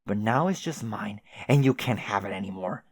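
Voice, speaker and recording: A man with a lowish voice, lively intonation and a moderate pace voices a fed-up young woman who is furious and sharp-tongued. Sounding angry, biting and exasperated, the character swears at her friend. The recording is studio quality with no echo.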